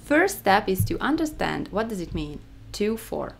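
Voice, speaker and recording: A woman's voice: mid-range voice, big pitch swings, normal speed, gravelly, breathy edge. A woman with a Hungarian accent teaching a rhythm lesson, counting the beats aloud and stressing the first. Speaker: music teacher.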